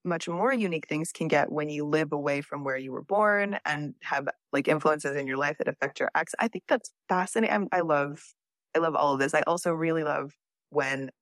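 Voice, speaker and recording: Woman from texas, low voice, enthusiastic podcast chat, dry sound. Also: brisk, no room sound. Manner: enthusiastic, gushing. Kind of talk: casual chat.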